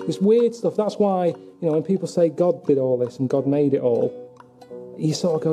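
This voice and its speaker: Grumbling deadpan man, slightly high voice. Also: moderate pace. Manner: glum, grumbling, deadpan complaints. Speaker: travelling presenter. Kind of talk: documentary monologue and chat. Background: music.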